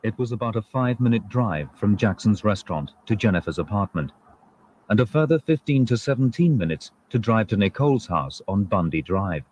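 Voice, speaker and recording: A man giving measured, scripted documentary narration. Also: on the low side, a little hiss or hum. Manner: measured, even delivery. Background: music.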